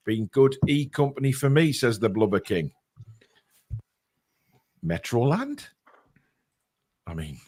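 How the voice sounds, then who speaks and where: A man hosting a casual podcast, reading out comments in a blunt, halting, sometimes sweary way. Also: medium pitch. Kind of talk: casual chat.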